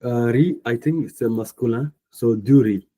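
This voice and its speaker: A man with an Indian English accent teaching a French class online, speaking slowly and patiently, thinking aloud and correcting himself. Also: medium pitch, mellow, breathy edge, low-quality recording. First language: Punjabi. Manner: slow, patient, thinking aloud with many fillers; self-correcting mid-sentence.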